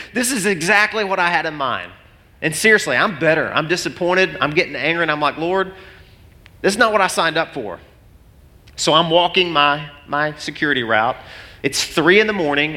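A middle-aged man from Arkansas, telling a story in a sermon and acting out each voice with big swings in pitch. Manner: animated, acts out both sides of his stories with big pitch swings. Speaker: pastor. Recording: long hall reverb.

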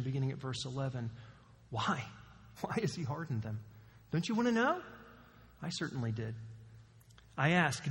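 A male pastor preaching a sermon, animated, with emphatic questions to the congregation. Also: medium pitch, gravelly. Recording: long hall reverb.

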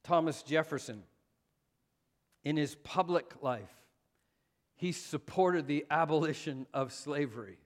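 A man's voice: a little high, a little slow, pauses often. Conversational male pastor preaching. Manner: self-deprecating, conversational preaching with fillers. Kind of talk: sermon.

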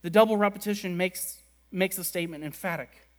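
A man preaching a sermon, stressing words by repeating them and letting key lines fall quiet and low. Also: brisk. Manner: emphatic, repeats words for stress, drops soft at ends. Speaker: pastor.

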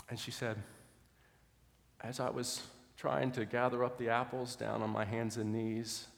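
A middle-aged man preaching a sermon, telling a story earnestly, often restarting words and dropping to a soft voice in quiet moments. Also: mid-range voice, level tone, a little slow, vocal fry. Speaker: pastor. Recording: long hall reverb.

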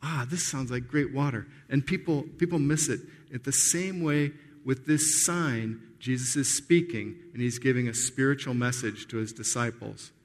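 A man's voice: mid-range voice, moderate pace, few pauses. A man preaching a sermon in a conversational, earnest way, often restarting his sentences as he explains a passage. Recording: long hall reverb.

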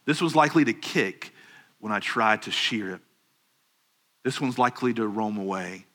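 A man preaching a sermon, earnest and measured, slowing down on key phrases and rising into urgent questions. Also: on the low side, expressive, fairly bright tone. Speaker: pastor.

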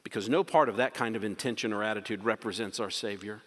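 A man preaching a sermon as pastor, impassioned, swinging between loud urgent questions and quiet emphasis. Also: lowish voice, fast talker. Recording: hall reverb.

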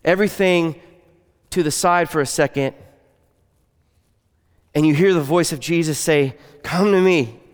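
A man delivers a sermon in an earnest, conversational way, often dropping to a soft, quiet tone. His voice is smooth and resonant, and it carries a long reverb from the hall around him. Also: fairly high pitch, unhurried, long pauses. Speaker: pastor.

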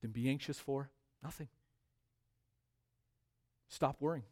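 A man preaching a sermon as pastor, stressing key words by repeating them and swinging between quiet drops and loud rises. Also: mid-range voice, slow.

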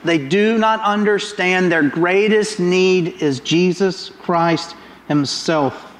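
A middle-aged man preaching a sermon in a church, animated and full of rhetorical questions. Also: sits high, slow. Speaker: pastor. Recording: roomy echoing hall.

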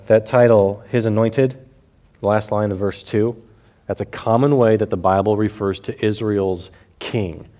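Male Bible teacher, lowish voice, methodical explainer who repeats key lines and slows down to read scripture. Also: mellow.

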